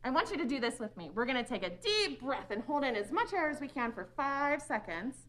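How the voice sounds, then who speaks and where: Animated woman leading a children's sermon. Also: sits high, fairly quick. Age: adult. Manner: animated, sing-song, speaks to young children. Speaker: children's minister. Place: church sanctuary. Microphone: wearing a face mask.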